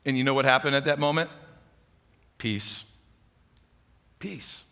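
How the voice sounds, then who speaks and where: A man's voice: mid-range voice, little pitch movement, racing, pushed and bright, clean tone. A man preaching a sermon, telling a personal story in a conversational way and asking the listeners questions. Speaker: pastor. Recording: long hall reverb.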